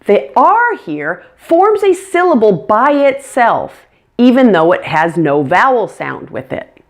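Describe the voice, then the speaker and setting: A woman's voice: fairly high pitch, very animated, slow. A woman teaching English pronunciation, speaking carefully and demonstrating each sound. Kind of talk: pronunciation lesson.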